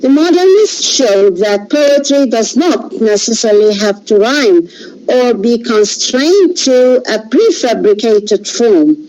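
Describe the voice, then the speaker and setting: Slow, halting woman lecturing. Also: a little high, a little mellow, dull audio. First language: Arabic. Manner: slow, deliberate with many hesitations and self-corrections.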